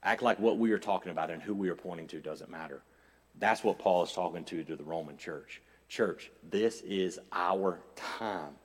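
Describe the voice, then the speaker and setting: Male pastor, sermon delivery, rises to loud urgent preaching then drops to quiet storytelling; long hall reverb. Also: low voice, fairly quick.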